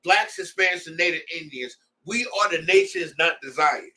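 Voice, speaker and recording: A man's voice: fairly high pitch, animated, normal speed, sharp tone, distant mic. A man leading a scripture class, preaching in a heated, blunt way with street slang. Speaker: class leader.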